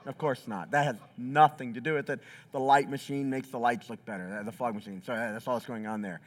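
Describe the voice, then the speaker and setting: A man's voice: mid-range voice, brisk. A pastor preaching a sermon in a church, acting out quotes with big swings in his voice. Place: church sanctuary.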